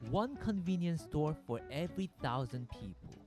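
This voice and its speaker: A man's voice: a little high, lively intonation, moderate pace, over music. A man from Korea narrating a travel vlog in an upbeat presenter style, asking viewers questions.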